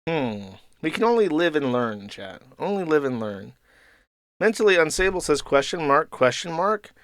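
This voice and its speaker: A man's voice: a little high, sing-song, measured pace, no room sound, clean studio sound. A man hosting a live stream, reading out messages and cutting in with crude, sarcastic asides. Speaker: streamer host.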